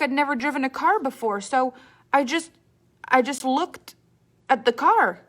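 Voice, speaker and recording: A woman's voice: mid-range voice, fairly bright tone. A woman giving a motivational talk on money, telling stories, acting out what people said and often repeating words. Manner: storytelling with acted-out quotes, repeats words. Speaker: money coach.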